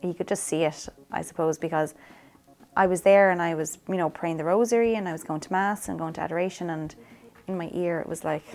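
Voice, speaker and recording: A woman's voice: on the low side, brisk, darkish tone. A woman giving a personal testimony in an interview, chatty and full of "like". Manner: chatty, peppered with "like", acts out quotes. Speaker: interviewee sharing faith testimony.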